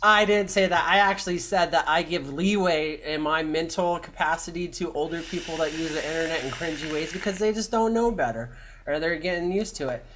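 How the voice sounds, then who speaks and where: A man's voice: a little high, brisk, noisy background. Blunt, swearing man in casual chat. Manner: blunt, opinionated, swears freely.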